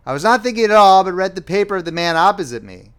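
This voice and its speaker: Man narrating with lively, higher pitch. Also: fast talker, clear, resonant tone. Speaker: audiobook narrator. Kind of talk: audiobook narration.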